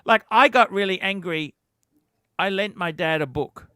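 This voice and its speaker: A man's voice: sits high, measured pace, pushed and bright, clear, resonant tone, dry recording, clean studio sound. A man hosting a livestream, telling a heated, profane story in a ranting chat. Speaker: livestream host.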